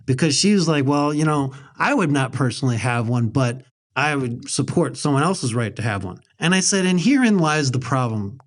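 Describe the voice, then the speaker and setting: A man hosting a podcast in casual chat, blunt and joking as he tells stories to his co-host. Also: on the high side. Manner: brash, joking, blunt storytelling.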